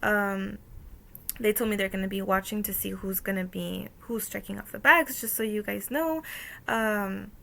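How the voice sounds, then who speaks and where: A young woman talks through a story from her job in a relaxed, casual way, full of "um" and "like". Her mid-pitched voice has a gravelly, creaky edge. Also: normal speed. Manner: many "um" fillers and "like", storytelling with quoted dialogue. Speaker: student presenting a course activity. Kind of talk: casual spoken reflection.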